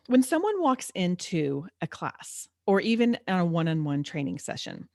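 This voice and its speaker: A woman's voice: lowish voice, sing-song, normal speed, a little mellow, dry recording, studio quality. A woman, a fitness instructor talking candidly as a podcast guest, laughing often and stumbling over her words. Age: 40s. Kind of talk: casual podcast interview.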